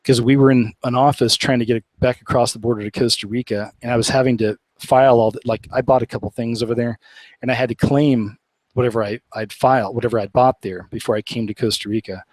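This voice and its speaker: The recording is rough as an Oklahoman, USA, runs a casual live-show chat, earnest and rambling, with frequent laughter. He speaks at a quick pace in a mid-range, slightly mellow voice with fairly even intonation.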